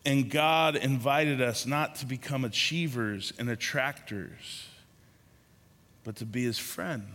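Slow-speaking pastor in a reverberant hall. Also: male voice, mid-range voice, bright, forceful tone. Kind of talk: sermon.

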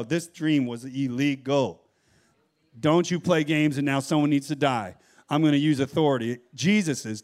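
A middle-aged man preaching a sermon, telling personal stories in an animated way with frequent laughs. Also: sits high. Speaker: pastor.

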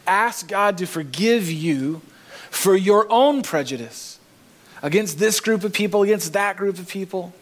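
Male pastor mid-sermon in church, earnest, lifts his voice on key phrases; a somewhat higher voice. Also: lively intonation, measured pace. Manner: earnest preaching, rising emphasis on key phrases.

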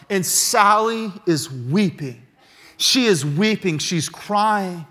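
A male pastor telling a story in his sermon, animated and building to shouted emphasis. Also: sits high, takes it slowly, long reverb tail.

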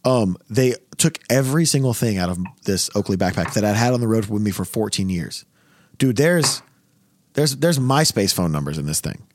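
A man in his thirties hosting a casual podcast chat, telling stories in a loud, profane, animated way. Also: fairly low pitch, moderate pace, a little hiss or hum. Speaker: podcast host.

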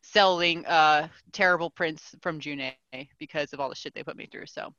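Podcast co-host, woman, bright and forceful, dry close sound, animated storyteller who swears a lot. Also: low-pitched, normal speed, dry recording, highs cut off. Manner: animated ranting with lots of "like" and swearing. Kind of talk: casual chat, storytelling.

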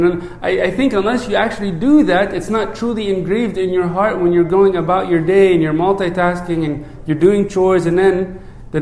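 A man with a fairly high voice gives a relaxed, conversational sermon. He stumbles over repeated words and keeps asking "right?" to check in with his listeners. His voice sinks low and quiet whenever he recites the prayer, and the room around him rings with echo. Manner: repeats words at the start of phrases; drops low and soft when reciting prayer. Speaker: priest.

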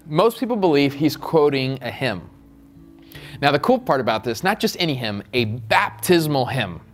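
Man preaching with rising fervor, soft music. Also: mid-range voice, big pitch swings, moderate pace. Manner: conversational and joking, building to fervent repeated calls. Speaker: pastor. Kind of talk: sermon.

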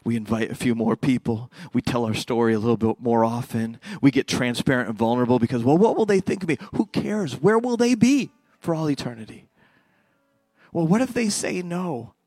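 A middle-aged man preaching a sermon as a pastor, swinging between loud fervent passages and quiet hushed ones. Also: mid-range voice, animated, fairly quick, dry recording, soft background music.

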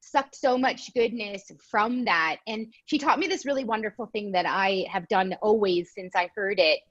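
A woman shares stories in a relaxed conversation. She jumps into little acted-out quotes and tells them with lively energy. Her audio sounds somewhat dull and lo-fi. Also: mid-range voice, moderate pace. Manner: animated storyteller, quotes others in voices. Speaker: guest. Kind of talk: casual chat.

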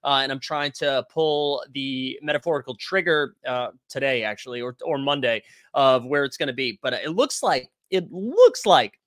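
Man hosting a live stream, forceful bright voice, dry close sound, talks loud and animated, reads chat. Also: medium pitch, moderate pace, dry recording. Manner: loud, animated, yells often; reads and answers chat comments. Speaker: host of a basketball live stream.

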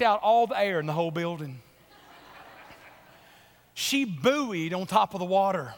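A man preaching a sermon in church, a little hoarse from a cold, telling folksy stories that build into emphatic preaching. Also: high-pitched, lively intonation, a little slow, long pauses. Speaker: pastor. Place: church sanctuary. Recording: long reverb of a church hall.

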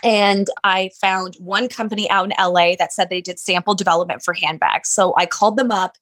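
A woman's voice: mid-range voice, fairly even intonation, a little fast, a bit bright. A woman business owner telling her story in a casual interview, chatty and candid, with many "like" fillers. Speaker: handbag designer, business owner.

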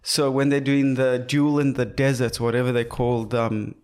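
A man's voice: medium pitch, moderate pace, clean tone. Young guy cohosting a podcast, jokey, swears a lot. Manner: joking, animated, swears freely. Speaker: podcast co-host. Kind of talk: casual chat.

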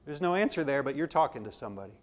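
A theology lecturer talks conversationally to his class in a rapid-fire, animated mid-range voice. He acts out the dialogue in his own anecdotes.

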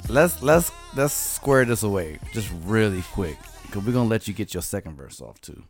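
A man's voice: on the low side, expressive, normal speed, faint music behind. A man co-hosting a casual podcast chat, laughing often and telling stories with animation. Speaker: podcast co-host.

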